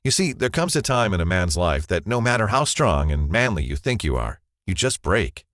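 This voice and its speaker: Low-voiced man telling a confessional ad story. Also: sing-song, moderate pace, a bit bright, dry recording, clean studio sound. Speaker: ad narrator. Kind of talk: scripted first-person ad narration.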